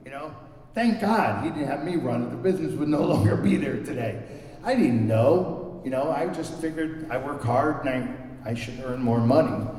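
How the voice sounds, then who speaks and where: A man's voice: medium pitch, lively intonation, normal speed, darkish tone. A man speaking candidly and self-deprecatingly at a recovery meeting, telling a personal story and often repeating words as he searches for them. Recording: echoey hall recorded from far off.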